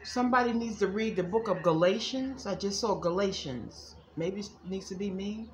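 A woman's voice: mid-range voice, normal speed, echoey room, slight background noise. A woman giving casual psychic readings to viewers, chatty and folksy, calling them y'all. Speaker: psychic reader.

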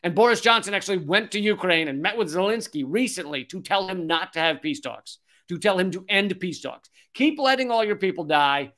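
A man's voice: high-pitched, fairly quick, hardly any pauses, sharp tone. A man in his forties hosting a political commentary show, reading an article aloud and breaking off into sarcastic, profane rants.

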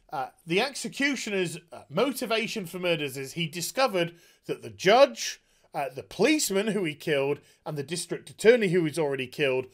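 A man's voice: high voice, a bit bright. A man reviewing a TV episode in a sarcastic, exasperated rant, swearing freely. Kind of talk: ranting show review.

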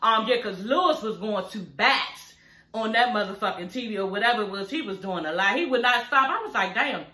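A woman's voice: mid-range voice, animated, brisk, sharp tone, echoey room. A woman recapping a reality TV episode in casual chat, swearing freely, laughing often and addressing viewers as y'all. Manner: chatty and profane, keeps addressing viewers as y'all; laughs often while talking.

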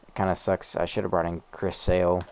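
A man's voice: low-pitched, flat delivery, brisk, noisy background. A young man narrating his own video game in a stream of exasperated, profane complaints. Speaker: gamer posting gameplay. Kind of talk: live gameplay commentary.

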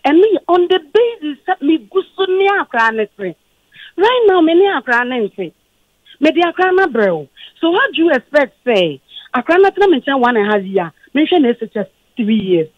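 A Ghanaian woman speaks on a radio call-in show, defensive and explaining at length. Her voice is lively and a little high. It comes through a dull, dry phone line. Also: brisk, no room sound. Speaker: caller, former guardian.

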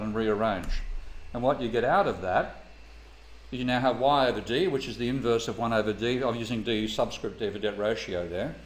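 A man giving an economics lecture, telling anecdotes bluntly and swearing casually. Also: medium pitch. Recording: echoey room, faint ambient noise.

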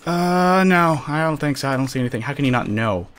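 A man's voice: on the high side, lively intonation, fairly quick, fairly bright tone, a little hiss or hum. A man voicing a dry, sarcastic male sidekick who talks in a hesitant, stammering way. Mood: unsure.

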